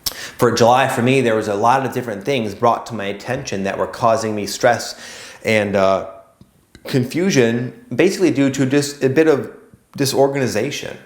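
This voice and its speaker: A man's voice: medium pitch, moderate pace, reverberant. A man hosting a spiritual video, talking casually and rambling, with lots of "like" and "kind of". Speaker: spiritual YouTube host. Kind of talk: casual spiritual talk to camera.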